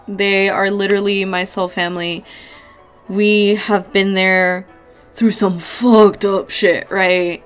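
A woman's voice: mid-range voice, clean tone. Woman, tarot reader, casual pick-a-card reading, chatty, affectionate, swears freely, faint background music.

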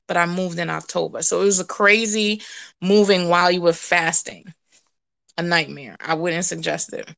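A woman sharing a casual, animated testimony, laughing and jumping to high exclamations. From West Indian. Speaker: prophetic preacher.

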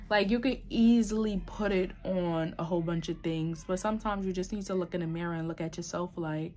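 A woman's voice: on the low side, fairly even intonation, normal speed, slight background noise. A young adult woman talking candidly to camera in a personal vlog, reflective and emotional, with many fillers and restarts. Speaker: vlogger. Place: New York City.

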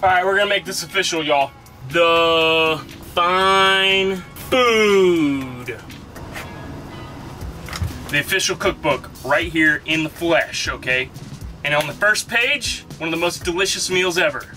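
High-voiced guy cooking in his van, rambly self-mocking jokes, music playing under him. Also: a little fast, pushed and bright. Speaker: vlog host. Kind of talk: casual cooking vlog. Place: inside a van in a parking lot.

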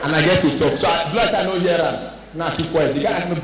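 A man with a Nigerian accent telling a stand-up story, animated and loud at times. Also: a little high, fast, dull audio, noisy background. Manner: animated, loud comic shouting. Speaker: stand-up comedian. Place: large live venue. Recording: echoey live hall from far off.

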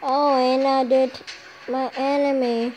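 A woman talks through her mobile game match in a slow, drawn-out way, trash-talking opponents and cursing at the lag. Her voice sits a little high, with a faint hiss behind it. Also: little pitch movement, darkish tone. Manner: frustrated, swearing trash talk at the game. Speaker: gamer commentating her match. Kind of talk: gameplay commentary.

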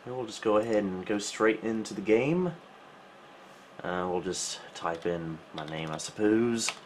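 A man hosting a retro computer channel, giving casual gameplay commentary with relaxed, wry, self-mocking asides. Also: on the low side, measured pace, slight background noise.

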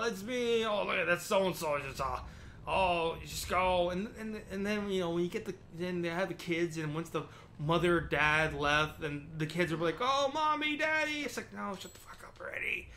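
A young man with a high, bright voice rambles over his gameplay. He rants in an exasperated way, trips over his restarts and swears freely. Game music runs faintly underneath. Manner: ranting, exasperated, full of restarts and profanity. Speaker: gaming video host.

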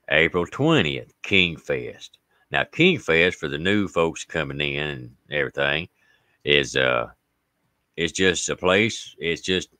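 A man's voice: low-pitched, dry recording. A man with an Appalachian accent hosting a casual livestream, reading out viewer comments and stories in a folksy way. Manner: folksy, reads viewer comments and greets them warmly by name. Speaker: livestream host.

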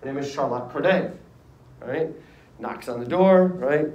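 A male history teacher telling a lively classroom story in casual slang, acting out voices. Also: mid-range voice, a little slow, lo-fi sound, very noisy. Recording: echoey room, distant mic.

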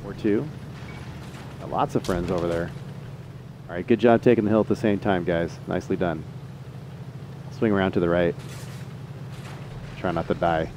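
A man streaming a tank game live, chatting excitably to teammates and viewers. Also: low voice, moderate pace, pauses often, background noise. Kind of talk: live gameplay commentary.

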